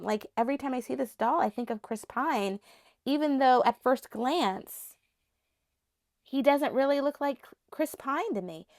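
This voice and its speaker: A woman collector with a high, thin voice, rambling casually and laughing often as she shows her dolls. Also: no room sound, clean studio sound. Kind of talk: casual unscripted vlog chat.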